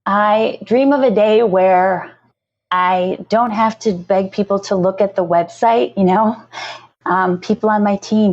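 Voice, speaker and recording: A woman's voice: medium pitch, a little slow, a little mellow. A woman, a nonprofit founder, talking earnestly and passionately in a podcast interview, often repeating herself. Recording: muffled lo-fi audio.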